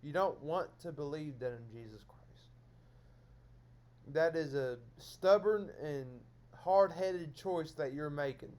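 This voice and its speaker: A man's voice: fairly high pitch, takes it slowly, darkish tone. A man lecturing his viewers in a solo stream monologue, scolding them over and over in repetitive phrases.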